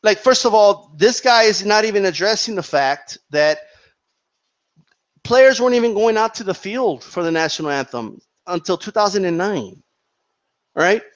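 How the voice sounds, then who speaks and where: A fired-up man talks through his opinions in a fairly high voice, circling back to his points and tagging them with "right?" again and again. The sound is dull and lo-fi, like a cheap home mic. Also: expressive, moderate pace. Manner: heated, repetitive, peppers with "right?" and "okay?". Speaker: boxing commentary channel host. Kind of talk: opinionated commentary monologue.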